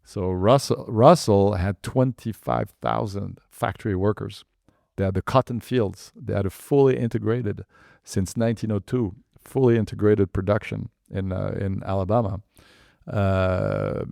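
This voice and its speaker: French-accented man, 50s, low gravelly and mellow, chatty storyteller with lots of fillers. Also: fairly even intonation, normal speed, no echo, clean studio sound. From France. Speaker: guest entrepreneur. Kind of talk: anecdotal storytelling.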